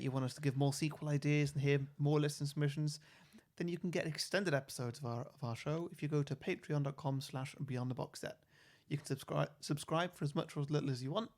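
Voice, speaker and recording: A man's voice: mid-range voice, creaky, darkish tone. Laid-back male podcast host. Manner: laid-back, laughing easily, short replies. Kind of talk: casual film chat and show plug.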